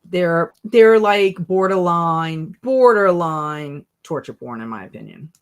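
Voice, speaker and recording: A woman hosting a casual live stream, chatty and animated as she reads viewer comments aloud and reacts to them. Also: on the low side, takes it slowly. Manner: animated and emotional. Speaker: livestream host.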